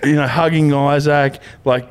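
A man, co-hosting a podcast in animated, crude banter and mimicking people in high voices. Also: a little slow, clean tone. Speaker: podcast co-host. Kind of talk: casual banter.

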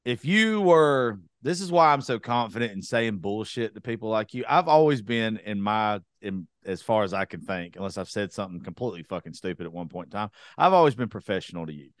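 A man's voice: on the low side, animated, fairly quick, few pauses, dry recording, clean studio sound. A young man hosting a podcast, talking bluntly in a casual, profane rant. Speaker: podcast host.

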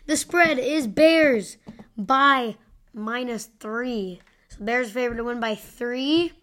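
A woman hosting a casual solo sports-prediction podcast, rambling and chatty with lots of fillers and asides, into a home mic turned up loud. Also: a little high, takes it slowly. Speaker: podcast host. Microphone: home podcast microphone with gain turned high.

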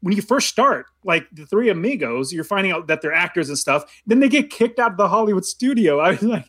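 A man's voice: high-pitched, big pitch swings, fairly quick, a bit bright, slightly rough. A man co-hosting a casual movie discussion, rambling with many restarts and frequent laughs. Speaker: podcast co-host.

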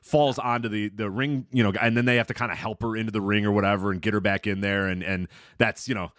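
A man co-hosting a casual podcast, talking with lots of laughter and animated retelling. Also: fairly low pitch, quick pace, no room sound, clean studio sound. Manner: animated, laughs a lot, does mocking voices in quotes. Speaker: podcast co-host.

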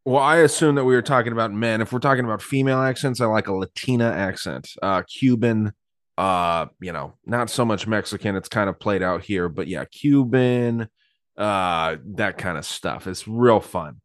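A man's voice: fairly low pitch, moderate pace, no echo, studio quality. A man co-hosting a podcast, laid-back and blunt in casual chat. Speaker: podcast co-host.

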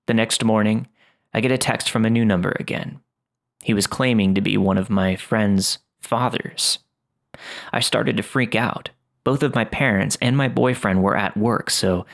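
Low, gravelly male storyteller. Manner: steady reading of first-person stories. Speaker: horror story narrator. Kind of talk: scripted narration.

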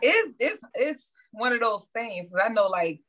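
A woman's voice: on the high side, big pitch swings, measured pace, fairly bright tone. A woman guest from New Orleans with a New Orleans accent, telling her story in a reflective, casual way. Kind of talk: casual chat.

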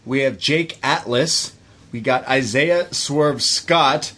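A man's voice: medium pitch, takes it slowly, a bit bright. A man co-hosting a wrestling review podcast, chatting loosely, swearing and drifting into side rants. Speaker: podcast co-host. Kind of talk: casual wrestling review chat.

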